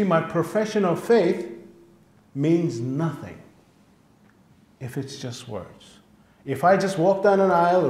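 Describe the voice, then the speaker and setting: A man's voice: on the high side, a little mellow. Guy pastor giving a sermon, repeats stuff for emphasis, roomy church sound. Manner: emphatic preaching, repeats phrases for stress. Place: church sanctuary. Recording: echoey church room.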